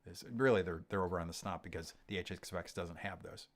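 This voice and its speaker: Deep-voiced man chatting loosely on a livestream. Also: fast talker. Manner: relaxed, rambling, frequent ums and restarts. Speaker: host of a gear livestream. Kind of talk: casual livestream chat reading comments.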